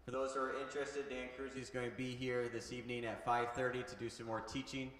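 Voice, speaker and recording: A man gives church announcements in a relaxed, hesitant way. His voice sounds roomy and echoey, with a long reverb tail from the church hall. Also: medium pitch, quick pace, slight background noise. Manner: relaxed, hesitant, filler-heavy. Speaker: pastor. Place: church sanctuary.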